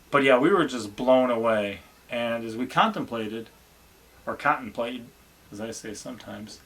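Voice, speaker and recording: A man's voice: mid-range voice, a bit bright. A man, a family vlogger chatting casually and encouragingly about his children. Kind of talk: casual chat.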